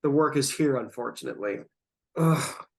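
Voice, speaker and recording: A man hosting a casual podcast chat, rambling and drawn-out, stoned and yawning, laughing often. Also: mid-range voice. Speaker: podcast host.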